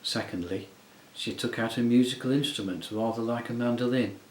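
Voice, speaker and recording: A man narrating a storybook in a measured, expressive way. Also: medium pitch, echoey room, a little hiss or hum, low-quality recording. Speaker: audiobook reader.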